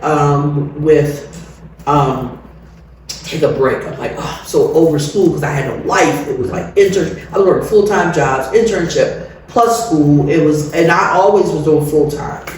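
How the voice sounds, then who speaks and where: A middle-aged woman telling her own story as an interview guest, candid and animated, laughing often. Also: deep voice, measured pace. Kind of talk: personal storytelling. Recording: very echoey room, distant mic, faint noise.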